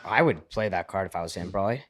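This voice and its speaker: A man's voice: deep voice, animated, fast, a bit bright. A man hosting a podcast, chatting casually with swearing and jokes. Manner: casual, profane, joking. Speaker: podcast host. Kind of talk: casual chat.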